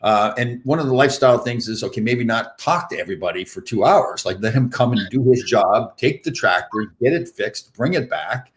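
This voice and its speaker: A man's voice: mid-range voice, animated, brisk, few pauses. A man hosting a casual chat, teasing his guest with dry jokes. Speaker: host.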